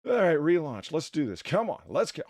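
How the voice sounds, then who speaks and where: A man's voice: on the high side, sing-song, a little fast, a little mellow, no room sound, clean studio sound. A man hosting a live stream, chatting casually, swearing and mocking himself while he fixes his audio setup. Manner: self-mocking, swearing, thinking aloud while fixing tech. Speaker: podcast host and streamer.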